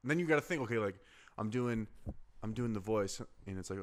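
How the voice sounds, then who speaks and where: A man hosting a casual comedy podcast, animated and laughing often between remarks. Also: on the low side. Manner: laughing often, animated, quick to jump into voices. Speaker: podcast host.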